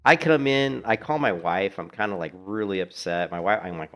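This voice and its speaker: A man's voice: sits low, normal speed, fairly bright tone. A middle-aged man chatting casually while streaming a game from home, a laid-back, rambling storyteller who swears freely. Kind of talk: casual chat while playing. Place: home in Florida.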